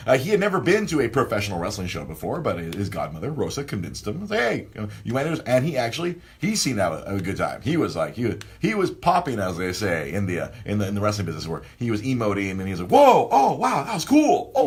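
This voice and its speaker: A man hosting a casual podcast, telling a rambling, animated story full of restarts. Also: fairly low pitch, breathy edge. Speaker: podcast host.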